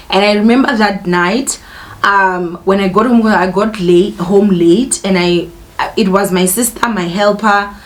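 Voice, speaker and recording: Young woman doing a storytime vlog, emotional and candid, keeps talking to "you guys". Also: mid-range voice. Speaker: vlogger telling a personal story. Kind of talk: casual storytime monologue.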